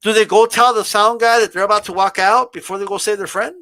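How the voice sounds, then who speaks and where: A man's voice: high voice, steady tone, quick pace, bright, forceful tone, dry recording. A man co-hosting a casual wrestling debate, talking animatedly with lots of "like" and "bro" and mocking stiff scripted delivery.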